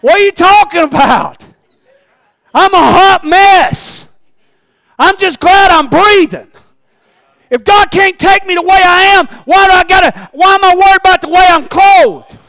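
Man plays a desperate invalid, high and loud, exasperated and bewildered. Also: lively intonation, a little slow, dry recording, full character voice. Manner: exasperated, shouting.

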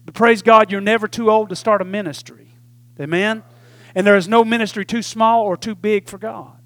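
A man's voice: sits high, fairly even intonation, moderate pace, no room sound. A man preaches a sermon. He speaks in a folksy, conversational way and keeps asking the congregation "Amen?" between points. His voice is recorded close and dry. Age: 40s. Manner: call-and-response preaching, repeatedly asking "Amen?"; folksy Southern phrasing with "y'all". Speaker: pastor.

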